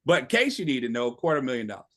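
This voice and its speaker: A man's voice: medium pitch, big pitch swings, rapid-fire, a bit bright. A middle-aged man leading a sales training session over a video call, emphatic and coaching, drilling his listeners with call-and-response lines. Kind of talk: motivational training talk.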